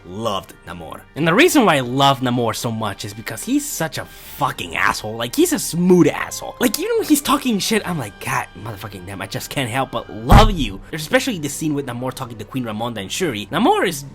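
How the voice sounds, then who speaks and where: A man reviews a film with bright, lively, swooping delivery, swearing freely as he gushes. Faint music plays under him. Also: medium pitch, brisk, hardly any pauses. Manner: gushing, profane, animated. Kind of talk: casual movie review.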